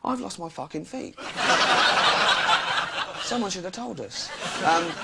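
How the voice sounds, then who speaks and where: A man's voice: sits high, animated, takes it slowly, creaky, very noisy. Cheeky, rambling male comedian. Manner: rambling, cheeky, laughs at own jokes. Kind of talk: stand-up style comic monologue.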